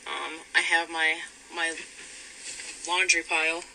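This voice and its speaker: A man's voice: on the high side, little pitch movement, gravelly. Rambling man with background noise. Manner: rambling, halting, with frequent fillers and restarts. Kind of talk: personal account of a past relationship.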